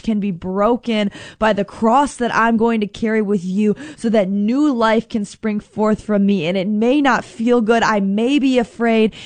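A woman hosting a radio sermon show, talking earnestly and gently, slowing down on prayerful lines. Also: a little high, no room sound. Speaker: radio host and preacher. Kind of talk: reflective sermon talk.

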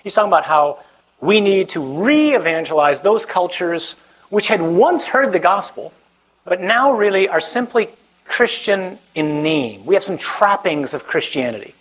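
A man with a somewhat high, husky voice delivers a sermon in a relaxed, conversational way. He mixes humor into his preaching and keeps questioning his audience directly. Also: unhurried, rough recording. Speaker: priest.

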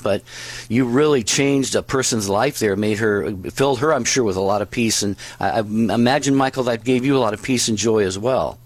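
A man's voice: mid-range voice, fairly quick, no room sound. A male host reflecting on a guest's story, affirming and full of fillers. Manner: warmly affirming, filler-heavy. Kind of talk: interview reflection.

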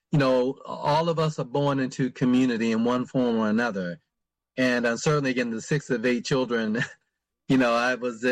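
A man, a priest, answering interview questions in a halting way with many fillers and restarts. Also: mid-range voice, no echo.

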